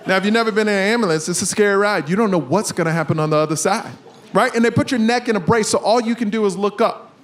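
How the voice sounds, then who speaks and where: A man doing a stand-up comedy set, telling an animated story and acting out the people in it with big jumps in his voice. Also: high voice, fast talker. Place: comedy stage before a live audience. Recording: live stage mic with crowd laughter. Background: audience laughter.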